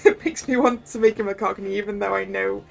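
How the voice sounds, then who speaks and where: A woman's voice: mid-range voice, fairly even intonation, fast talker, vocal fry. A woman streamer making casual, amused asides while playing a game. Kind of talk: casual let's-play commentary.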